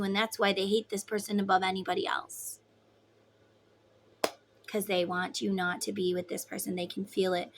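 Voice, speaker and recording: A woman giving a casual tarot reading, blunt and swearing freely, acting out quoted voices loudly. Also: mid-range voice. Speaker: tarot reader.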